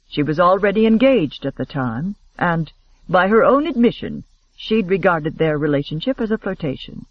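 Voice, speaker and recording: A male narrator with a notably high-pitched voice reads a romance audiobook with steady, expressive pacing. The sound is very dry and close. The audio is slightly muffled, lacking top-end sparkle. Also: no echo.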